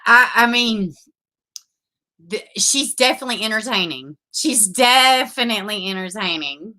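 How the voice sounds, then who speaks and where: A woman's voice: medium pitch, lively intonation, a little slow, bright, forceful tone. A woman, hosting a casual livestream, chatting with viewers, laughing often and swearing freely. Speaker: livestream host reading viewer comments.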